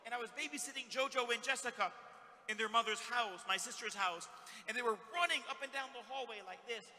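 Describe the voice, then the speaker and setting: A middle-aged male priest preaching a sermon, swinging from shouts to hushed words as he tells stories. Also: very high voice, a little fast. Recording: long hall reverb.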